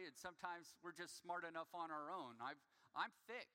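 A man's voice: on the high side, normal speed, few pauses, bright, forceful tone. A man preaching a sermon in a loose, conversational way, poking fun at himself and checking in with the congregation. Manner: conversational, self-deprecating, keeps asking "right?". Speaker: pastor. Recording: long hall reverb.

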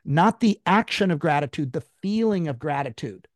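A high-strung man speaks bluntly and with force, swearing freely as he tells his own story in an interview. His voice sits a little high for a man. The sound is close and dry, with no room echo. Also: lively intonation, normal speed. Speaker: guest.

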